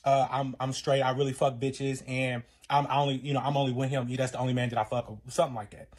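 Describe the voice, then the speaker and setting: A man's voice: medium pitch, flat delivery, fast talker, darkish tone. A man casually telling a personal relationship story, rambling and profane, acting out other people's lines along the way. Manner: profane, rambling retelling full of fillers and acted-out quotes.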